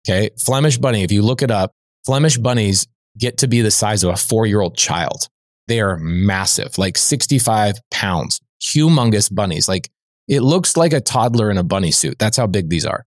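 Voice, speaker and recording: A man with a somewhat low voice recounts an anecdote as a podcast guest. His telling is loose and animated, with frequent "like" fillers. The sound is dry, with no room echo. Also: normal speed. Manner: lively, conversational, many "like" fillers. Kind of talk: storytelling anecdote.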